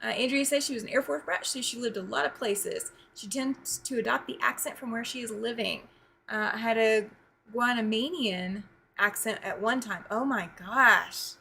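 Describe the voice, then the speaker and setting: A woman's voice: on the high side, moderate pace, gravelly, a little hiss or hum. A woman hosting a casual quilting livestream, chatting with viewers, reading their comments and thanking them as she sews. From United States. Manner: frequent fillers and restarts, bursts of excitement. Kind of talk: casual livestream chat while sewing.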